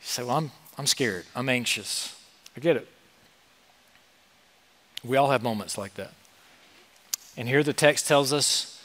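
Bright-voiced preacher in a reverberant hall. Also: male voice, medium pitch, normal speed, long pauses. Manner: swings from quiet and tender to loud, rising emphasis. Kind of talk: sermon.

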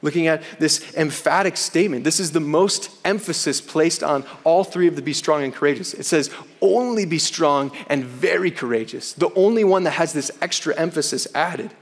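A man preaching in a church, earnest and conversational, who keeps dropping "man" into his points. His voice sits a little high for a man, and a long reverb trails behind it in the hall. He slows right down when he reads scripture aloud. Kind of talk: sermon.

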